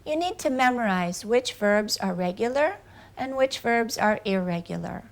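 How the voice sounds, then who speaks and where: A woman's voice: a little high, lively intonation, moderate pace. A woman teaching English grammar in a video lesson, explaining carefully and reading out example sentences.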